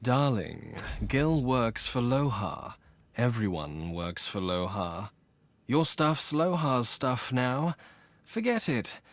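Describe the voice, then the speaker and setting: A man's voice: medium pitch, sing-song, takes it slowly, no room sound. An actor playing a seductive male con-man lover who teases and condescends in a video game. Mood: teasing. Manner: teasing, purring, condescending.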